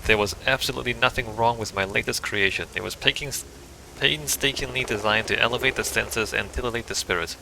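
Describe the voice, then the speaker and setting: A man voicing a suave, smug male drug dealer from a video game, in a smooth, unhurried, self-assured way. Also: medium pitch, noisy background, close to an everyday voice. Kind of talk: reading game dialogue aloud.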